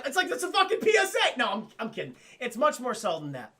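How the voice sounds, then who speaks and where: A man streaming an animated, profane episode recap to his chat. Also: very high voice, fast talker, hardly any pauses. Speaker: streamer and cartoon reviewer.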